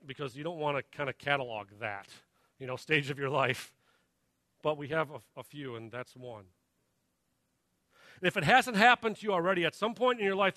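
A man in his thirties preaching a sermon, telling a personal story in a halting conversational way that builds to emphatic questions. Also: high-pitched, sharp tone, no room sound. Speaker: pastor.

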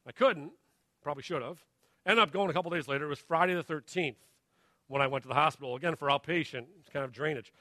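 A man in his thirties preaching a sermon, telling a personal story in a halting conversational way that builds to emphatic questions. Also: a little high, bright, forceful tone, no echo. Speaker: pastor.

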